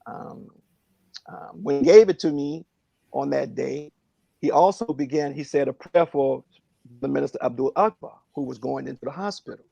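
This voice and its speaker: Earnest man with a gravelly voice. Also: mid-range voice, warm tone, no room sound, dull audio. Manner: earnest, reflective, halting with fillers. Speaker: prayer line speaker. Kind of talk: casual testimony on a phone prayer line.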